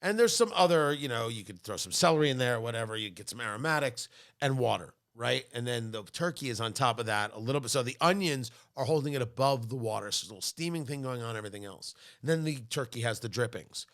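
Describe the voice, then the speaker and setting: A man's voice: medium pitch, fast. A middle-aged man co-hosting a casual podcast chat, telling food stories with enthusiastic, playful bursts. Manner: animated, enthusiastic storytelling with playful outbursts. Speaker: co-host.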